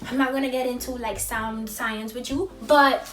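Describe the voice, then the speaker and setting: A young woman vlogger with a childlike high voice, talking in a sassy, expressive way that swings from loud to hushed. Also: normal speed, reverberant, recorded from a distance, soft background music. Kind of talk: casual vlog monologue.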